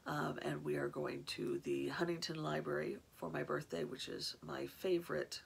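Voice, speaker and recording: A woman's voice: deep voice, little pitch movement, moderate pace, creaky, a little hiss or hum. A woman from California hosting a craft podcast in a casual, rambling chat, often restarting her sentences. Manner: rambling, chatty, many restarts. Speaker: podcast host.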